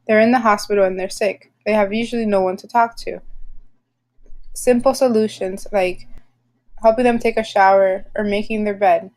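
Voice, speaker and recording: A woman narrating a healthcare training lesson in a calm, measured, explanatory way. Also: medium pitch. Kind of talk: scripted instructional narration.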